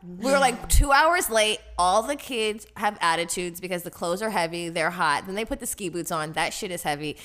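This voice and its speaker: Middle-aged woman, bright voice, profane animated storyteller, casual chat. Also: lowish voice, normal speed.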